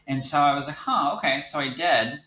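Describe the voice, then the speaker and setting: A young man, a psychic medium, telling his story in a casual interview and acting out what others said in lively voices, laughing easily. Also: fairly high pitch, brisk, a crowd in the background. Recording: echoey room with faint noise.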